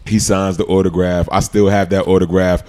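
A middle-aged man from New City, a former football player, telling stories as an interview guest in an animated, slangy way. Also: low voice, moderate pace. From New York City. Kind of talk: casual storytelling interview.

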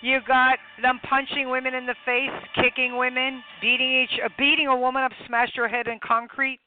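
A woman's voice: sits high, flat delivery, normal speed. A woman hosting a show, narrating over a video and listing events emphatically. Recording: tinny phone-like sound with loud music.

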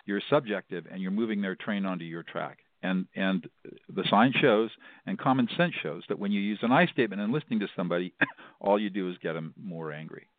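A low-pitched man explains his mediation method as an interview guest, talking emphatically and repeating words for stress. The sound is dry and thin, like a phone line. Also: a little fast, dry recording.

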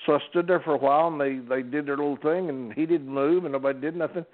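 A man's voice: fairly high pitch, fairly even intonation. Older guy telling old wrestling ref stories, rambly, sounds like a phone line. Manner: folksy, unhurried anecdotes with many restarts. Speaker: former wrestling referee. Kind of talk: casual storytelling on a podcast.

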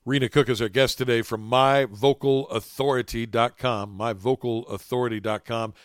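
A man's voice: mid-range voice, steady tone, normal speed, clear, resonant tone, no echo. Courteous male podcast host, dry sound. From southern West Virginia. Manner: friendly broadcaster delivery, courteous. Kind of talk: interview podcast.

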